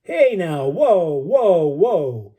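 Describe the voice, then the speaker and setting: A man acts out a worn-out Marine with a New York accent, almost whispering his folksy, upbeat reassurances. His voice sits a bit higher than the narrator's and stays husky and dark, like a sailor hanging on in the water in a storybook reading. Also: very animated, extremely slow, heavily acted. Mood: weak reassuring. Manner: weak, near-whispering, folksy slang. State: exhausted.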